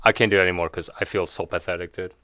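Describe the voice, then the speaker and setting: A man with a fairly low voice hosts a relaxed podcast conversation with an old friend. He talks in an easygoing, profane way and laughs often. The sound is dry, with almost no room echo. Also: very fast. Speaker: podcast host. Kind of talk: casual podcast chat.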